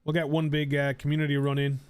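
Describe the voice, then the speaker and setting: Chatty Irish streamer with a high voice. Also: male voice, monotone, fast talker, darkish tone, clean tone, no echo. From Ireland. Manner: rambling, chatty, swears casually, frequent fillers. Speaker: game streamer. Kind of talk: casual live-stream chat while gaming.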